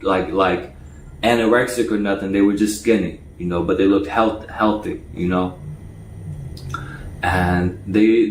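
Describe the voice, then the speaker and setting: A man's voice: fairly low pitch, echoey room, a little hiss or hum, rough recording. A man telling a personal story in a casual way, often stuttering and repeating his words. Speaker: storyteller recounting jail time.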